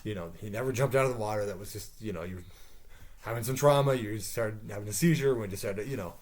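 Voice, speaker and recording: A man's voice: fairly low pitch, fast, close to an everyday voice. A man playing a young man who pleads with and reassures his traumatized sister, in his own voice. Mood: reassuring.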